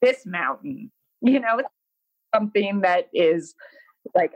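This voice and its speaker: Speaking a little slowly and pausing often, a woman of medium pitch shares a personal story as an interview guest. The recording is rough. She is blunt and self-deprecating, turning lively as she performs her own earlier words.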